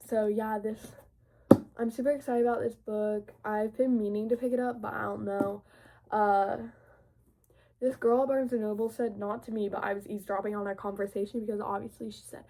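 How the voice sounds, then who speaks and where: A woman's voice: mid-range voice, level tone, moderate pace, gravelly, darkish tone. A teenage girl with a cold and sniffles, chatting casually and rambling about her new books. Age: teens. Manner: rambling, filler-heavy, bubbly. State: sick with sniffles. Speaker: book vlogger. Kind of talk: casual chat.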